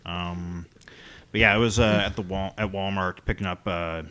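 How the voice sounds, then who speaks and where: Deep-voiced rambling podcast man. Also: steady tone, moderate pace, fairly bright tone, clear, resonant tone. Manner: rambling, chuckling storyteller. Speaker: podcast co-host. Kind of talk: casual chat.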